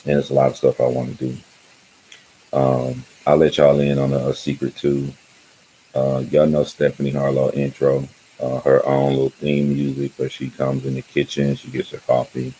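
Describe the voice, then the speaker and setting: A man's voice: very deep voice, monotone, normal speed, warm tone, a little hiss or hum, rough recording. A man hosting his own channel, talking loosely and rambling in casual livestream chat, often laughing. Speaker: YouTube channel host.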